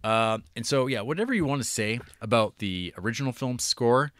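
A man co-hosting a casual film review podcast, animated, swearing and acting out scenes. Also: medium pitch, brisk, no room sound. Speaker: podcast co-host.

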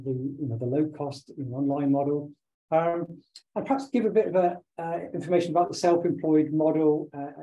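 Slightly hoarse man, dark tone. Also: a little high, low-quality recording. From United Kingdom. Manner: conversational, with many filler sounds and restarts. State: slightly hoarse from talking all day. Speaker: webinar presenter and business owner. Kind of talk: online presentation over slides.

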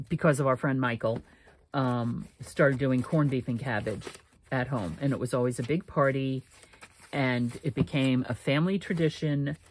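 A woman's voice: very deep voice, a little hiss or hum. A woman hosting a paper craft channel, chatting casually while she works, rambling through her talk with frequent laughs and restarts.

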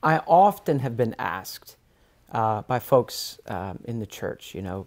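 A man's voice: on the low side, animated, takes it slowly. A man co-hosting a podcast, talking earnestly in casual conversation and often acting out the voices of people he quotes.

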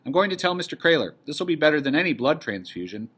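A male teacher reading the part of an excited young woman who brings the news in a play. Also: fairly high pitch, fast talker, breathy edge, voice pushed up, exaggerated voice.

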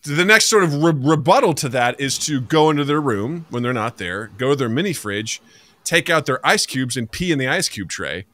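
A man in his forties hosting a podcast, telling a story in a casual, animated way and often laughing as he talks. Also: mid-range voice, moderate pace. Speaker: podcast host.

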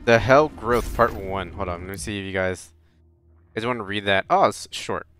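A man's voice: on the low side, moderate pace, soft background music. Casual rambling man playing a game. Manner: rambling, swears, loud excited outbursts. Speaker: let's play host. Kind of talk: casual gameplay commentary.

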